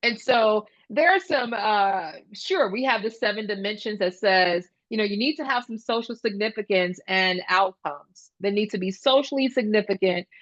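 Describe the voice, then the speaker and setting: A woman's voice: mid-range voice, normal speed, few pauses, a bit bright, no room sound, dull audio. A woman speaking as a guest speaker at a professional talk, explaining ideas and telling stories animatedly, acting out children's voices. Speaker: guest speaker, speech-language pathologist. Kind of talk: conference talk.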